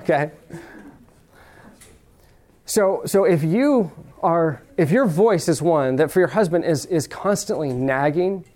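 Preaching in a conversational way, a pastor addresses his congregation with direct questions and slows noticeably to emphasize key phrases. His voice is fairly high and a little mellow.

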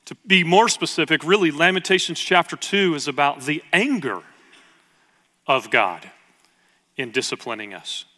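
A man in his thirties, a pastor telling a family story in a conversational sermon with emphatic pauses. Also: fairly high pitch, animated, sharp tone. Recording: long reverb of a church hall.

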